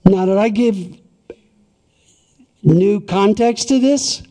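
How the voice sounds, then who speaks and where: A man preaching a sermon, reading scripture and explaining it deliberately, posing and answering short rhetorical questions. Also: high voice, mellow. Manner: deliberate, emphatic Bible exposition, repeating rhetorical questions.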